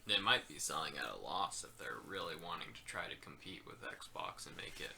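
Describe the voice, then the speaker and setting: A man's voice: very deep voice, very animated, brisk, gravelly, bright, forceful tone, a little hiss or hum. A man co-hosting a casual gaming podcast, hedging and trailing off into "like" and "I don't know.". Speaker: podcast co-host.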